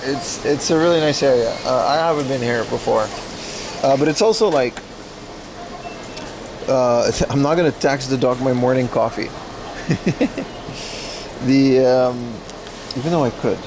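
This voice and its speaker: With a medium-pitched voice, a man from the Netherlands speaks unhurriedly and pauses often during a casual IRL livestream, walking through a rainy mountain town. He's chatty and rambling and laughs a lot, and the background is noisy.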